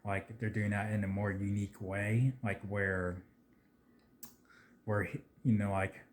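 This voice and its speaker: A man chatting casually about a movie trailer, rambling with lots of fillers and getting excitable at times. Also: on the low side, measured pace, slight background noise. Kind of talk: casual video commentary.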